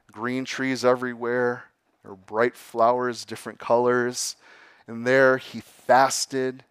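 A male pastor telling a story and then leading a quiet prayer. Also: medium pitch, clean tone, no echo.

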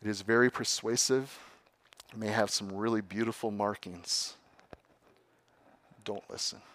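A male pastor telling a story and then leading a quiet prayer. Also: fairly low pitch, steady tone, moderate pace.

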